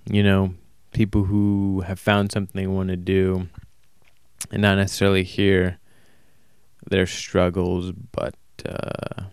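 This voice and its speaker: Man, flat monotone delivery, dry close sound, rambling casual solo talk. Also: deep voice, unhurried, creaky, clear, resonant tone, no room sound. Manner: self-described monotone, rambling with restarts and self-corrections; casual, swears. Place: warm indoor room.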